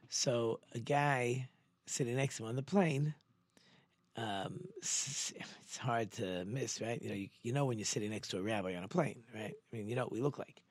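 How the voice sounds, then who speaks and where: A male rabbi speaking at a middle pitch, telling stories in an easy, conversational teaching style. He keeps turning to listeners with "right?" and sometimes sinks into quieter, lower asides. The recording is close and dry, with no room sound. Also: no room sound. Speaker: rabbi hosting a Torah talk show.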